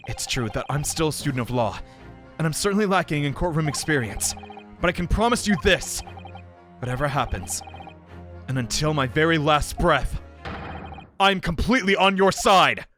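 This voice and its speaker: A man voicing a sincere young male law student in a game, speaking slowly and solemnly. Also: a little high, expressive, fairly bright tone, faint music behind. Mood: earnest.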